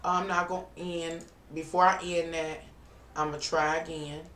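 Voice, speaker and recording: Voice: mid-range voice, little pitch movement, unhurried, a bit bright, slight background noise. A live streamer and tarot reader in a casual live-stream chat, thinking aloud to viewers while working on a computer. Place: indoors at a computer. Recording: roomy, distant mic with faint music.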